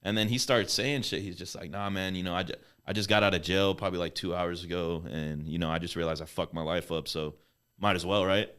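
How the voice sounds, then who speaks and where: A man's voice: low-pitched, fairly even intonation, fairly bright tone, clean tone. A man who works as a tattoo artist, telling stories in a loose, slangy podcast chat. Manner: quick, slangy storytelling.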